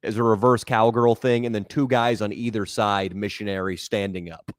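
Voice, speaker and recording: A man co-hosting a casual podcast, giving deliberate opinions and dry remarks. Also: fairly low pitch, little pitch movement, no echo. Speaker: podcast co-host.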